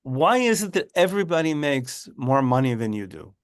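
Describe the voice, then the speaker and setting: A man's voice: medium pitch, sing-song, normal speed, natural voice. A man voicing an exasperated wife from a folk story who scolds her husband about money. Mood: scolding. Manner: nagging, complaining.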